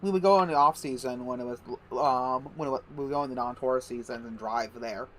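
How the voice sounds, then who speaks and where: A man chatting loosely during a game stream, rambling and laughing through crude jokes. His voice sits in an ordinary middle pitch, with a faint hiss of noise behind it. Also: fast, fairly bright tone. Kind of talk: casual chat over a game.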